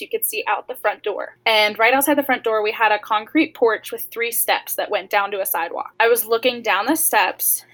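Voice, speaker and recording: A young woman with a slightly high voice speaks as a guest. She tells a painful personal story openly, in plain words with lots of casual fillers. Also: fairly bright tone, poor audio. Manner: candid, frequent "like" fillers.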